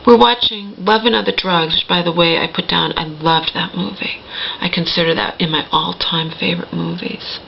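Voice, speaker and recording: A woman's voice: fairly low pitch, steady tone, normal speed, creaky, highs cut off, a little hiss or hum. A middle-aged woman telling a personal story to the camera in a rambling, emphatic way, often checking in with "okay?". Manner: rambling, emphatic, repeats "okay?" and self-corrects. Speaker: vlogger.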